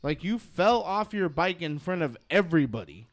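A man's voice: fairly high pitch, very animated, moderate pace. A young man co-hosting a casual podcast, telling a story in a laid-back, slangy way. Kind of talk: casual chat.

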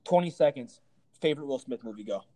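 A man's voice: mid-range voice, expressive, fast talker, dark tone. A man co-hosting a podcast in casual chat, joking and teasing with a brash, playful manner. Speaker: podcast co-host.

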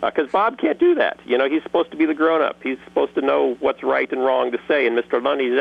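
A man answering interview questions in a casual, joking way, lively and quick to slip into voices. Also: medium pitch, gravelly, highs cut off. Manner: animated, jokey, slips into character voices. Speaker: guest voice actor and creator.

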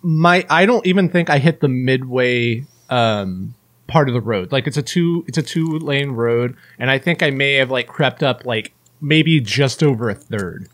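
A man co-hosting a podcast, telling an annoyed story in casual, profane chat. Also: normal speed. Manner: animated, profane, rants with rising pitch. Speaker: podcast co-host.

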